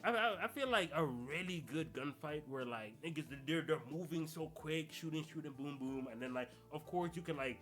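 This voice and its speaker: A man's voice: a little high, animated, normal speed, hardly any pauses, a bit bright, soft background music. A young adult man hosting a podcast, talking in casual, slangy solo commentary and laughing through his rants. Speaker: podcast host.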